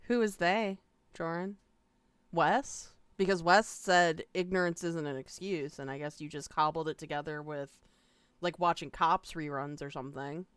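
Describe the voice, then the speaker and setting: A woman's voice: low voice, steady tone, moderate pace, smooth, no room sound. A woman streamer giving casual, sarcastic reaction commentary, swearing freely and mocking what she watches.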